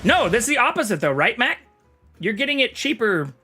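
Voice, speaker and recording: A man's voice: extremely high pitch, sing-song, moderate pace, pushed and bright, faint music behind. A man chatting casually on a live stream, reading chat aloud and swearing freely. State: talking with mouth full.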